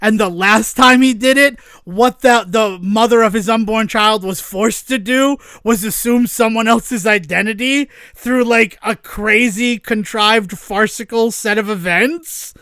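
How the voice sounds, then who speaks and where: Podcast host, man, high smooth voice, lively swearing plot recap, dry mic. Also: a little slow, hardly any pauses, no room sound. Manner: animated retelling, swears, acts out quotes, laughs. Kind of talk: casual movie recap chat.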